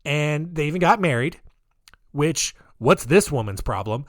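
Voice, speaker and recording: A man hosting a casual storytelling podcast, his voice swinging widely in pitch as he jokes and mocks. He laughs often and talks with open sarcasm. The sound is dry and close. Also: lively intonation, a little slow, no echo. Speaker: podcast host.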